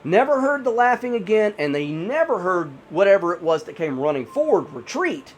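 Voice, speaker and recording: A man with a high, lively voice tells a spooky campfire-style tale in casual, rambling speech, leaning on "you know" again and again. A faint hiss sits under the recording. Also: normal speed. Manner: rambling, many 'you know' fillers. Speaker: horror storyteller. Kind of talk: casual spoken horror storytelling.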